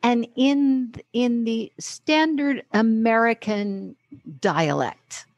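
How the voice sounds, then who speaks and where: A woman's voice: fairly high pitch, extremely slow, dry recording. A woman voice and speech coach, a guest on a casual podcast, talking with enthusiasm, articulating precisely and laughing easily. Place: home in Philadelphia.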